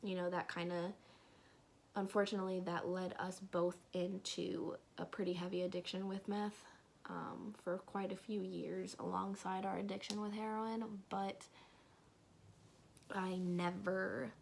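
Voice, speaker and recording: A woman's voice: on the low side, expressive, creaky, a little mellow, slight background noise. A young woman telling a personal story in a casual, rambling vlog, now and then dropping to a whisper. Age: young adult. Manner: slow, rambling, drops into whispers and laughs.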